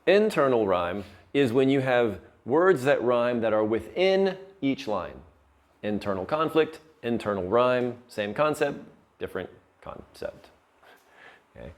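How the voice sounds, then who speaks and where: Man, teacher, classroom lecture, slow pace, patient, checks in with students. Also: mid-range voice, big pitch swings. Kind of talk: classroom lecture explaining poetry terms.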